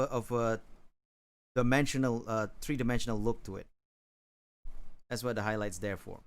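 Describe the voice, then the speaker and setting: A man streaming while he draws, chatting casually and rambling, with hesitant pauses and chuckles. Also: mid-range voice. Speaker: livestreamer drawing on stream. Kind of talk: casual chat while drawing.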